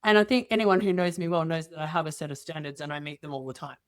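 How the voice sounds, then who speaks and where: A middle-aged woman guest telling personal stories in casual conversation, lively and acting out dialogue with quoted voices. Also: sits low, fast, no echo, studio quality. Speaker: interview guest.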